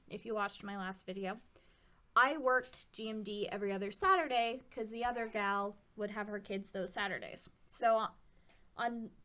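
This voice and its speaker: A woman with a slightly high voice tells a personal story in a casual vlog. She rambles a little and keeps the tone chatty, dropping wry asides along the way. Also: bright, forceful tone. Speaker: vlogger.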